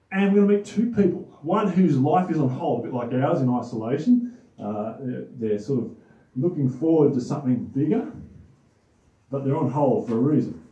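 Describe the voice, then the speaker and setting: An easygoing Australian man hosts a casual Bible talk for kids. He rambles gently, restarting phrases as he goes, in a mellow, lively voice. He sounds a little far from the mic in a roomy space. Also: medium pitch. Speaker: host and Bible teacher. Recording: roomy echo, distant mic.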